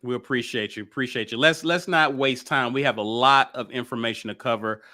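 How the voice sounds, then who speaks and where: A man's voice: mid-range voice, brisk, sharp tone. Male sports podcast host, upbeat, promo-style delivery, mid-range voice.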